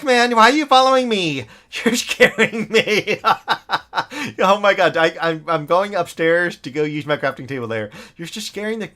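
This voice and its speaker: A man's voice: a little high, fairly bright tone. A middle-aged man from the United States, chatting casually and rambling on a live gaming stream, laughing often and talking to the characters in his game. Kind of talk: casual live-stream chat while playing.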